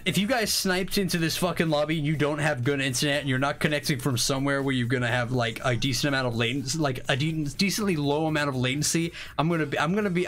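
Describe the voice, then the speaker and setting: A young man hosting a live game stream, chatting casually, excitable and swearing freely with rambling restarts. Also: on the high side, fast, hardly any pauses, faint music behind.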